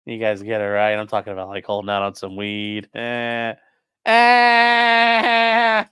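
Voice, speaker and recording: Man host live-streaming, smooth voice, loose and profane, chatty asides to viewers. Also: fairly low pitch, little pitch movement, fast. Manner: rambling, profane, jokey asides to chat. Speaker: livestream host. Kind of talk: casual live-stream commentary.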